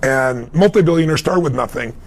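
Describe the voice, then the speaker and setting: A middle-aged man, a motivational speaker, answering a question in an emphatic storytelling manner, swinging between loud and soft. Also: a little high, brisk. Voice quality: gravelly, husky. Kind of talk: conversational interview answer.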